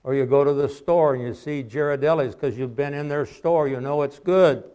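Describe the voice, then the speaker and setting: A man preaches an evening sermon in a friendly, conversational way. He tells homely stories and lets his points trail off softly. His voice sits at an ordinary middle pitch for a man. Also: moderate pace, smooth. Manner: folksy, conversational preaching with anecdotes. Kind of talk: sermon with storytelling.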